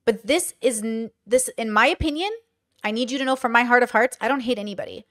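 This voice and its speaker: A woman's voice: fairly high pitch, quick pace, fairly bright tone. A woman streaming live, explaining herself in an earnest, defensive, lecturing way.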